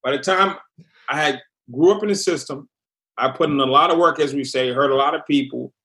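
A middle-aged man telling his life story as a podcast guest, animated and acting out the people he quotes. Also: on the high side, a little fast. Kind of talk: storytelling interview.

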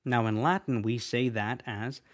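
A man teaching a prayer line by line, repeating each phrase slowly and patiently for the listener to say back. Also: medium pitch, fairly even intonation. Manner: patient, repeats and drills words aloud; slows to spell out the words.

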